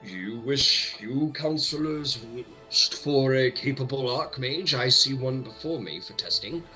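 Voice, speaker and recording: A man voicing a solemn sphinx who speaks gravely and formally. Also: medium pitch, lively intonation, measured pace, bright, forceful tone, faint music behind.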